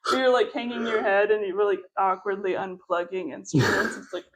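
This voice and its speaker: A woman's voice: mid-range voice, a little fast, rough recording. A woman telling a story in a casual chat, rambling with lots of fillers and laughter. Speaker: podcast co-host.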